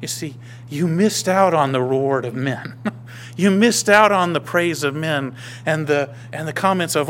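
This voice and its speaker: A male pastor preaching a sermon, emphatic, swinging between raised declarations and hushed whispers. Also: on the high side, normal speed, slight background noise.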